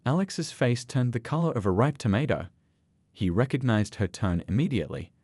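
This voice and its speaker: A man reading a scripted dramatic story as narrator, with a steady storytelling delivery. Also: medium pitch, normal speed, breathy edge, no echo.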